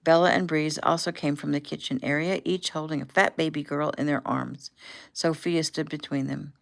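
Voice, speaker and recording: A woman author casually reading her own novel aloud, relaxed and unpolished, now and then correcting herself. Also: deep voice, moderate pace, vocal fry. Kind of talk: casual audiobook narration.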